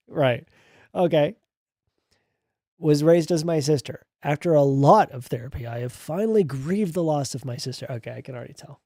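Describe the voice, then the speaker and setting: A man's voice: mid-range voice, dark tone, no room sound, studio quality. A man streamer reading online posts aloud and reacting with sarcastic remarks, frequent laughter and swearing.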